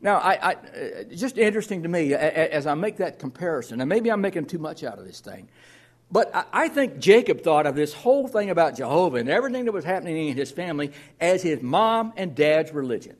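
A man's voice: on the high side, big pitch swings, fairly quick. A man pastor preaching a sermon in an earnest way, reading scripture aloud and often repeating words as he restarts.

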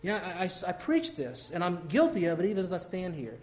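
Man, middle-aged, pastor, conversational sermon, slightly high voice, repeats words, restarts phrases. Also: big pitch swings, quick pace, darkish tone.

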